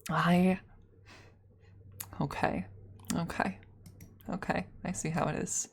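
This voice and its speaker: A woman ASMR streamer chatting playfully with her viewers. Her voice sits low, with a gravelly fry. She keeps the banter loose and joking. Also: flat delivery, takes it slowly. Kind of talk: casual stream chat.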